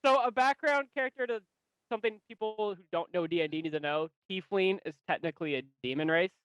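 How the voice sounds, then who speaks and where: A man at a game table explains things in a chatty, easygoing way. His smooth voice sits a little high, and the recording is dry and close. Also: quick pace, a bit bright, no room sound, lo-fi sound. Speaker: player. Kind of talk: casual chat at a game table.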